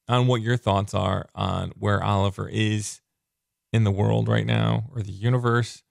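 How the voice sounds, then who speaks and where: A man reviewing a comic book in a casual, excitable, rambling way, full of filler words. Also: on the low side, brisk, gravelly, no echo, clean studio sound.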